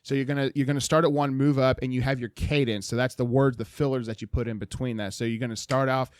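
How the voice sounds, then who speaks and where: Easygoing young man, smooth voice. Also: medium pitch, fairly even intonation, fast talker, a little mellow, no echo, clean studio sound. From Texas. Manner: easygoing, laughs often, explains step by step. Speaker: tobacconist and podcast co-host. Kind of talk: casual chat.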